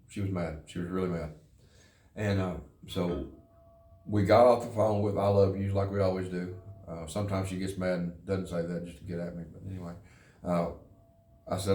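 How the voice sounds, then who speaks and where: Low, flat male voice, halting earnest testimony, echoey room. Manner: halting and earnest, repeats words. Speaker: interviewee, former prisoner in a recovery program. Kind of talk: personal testimony.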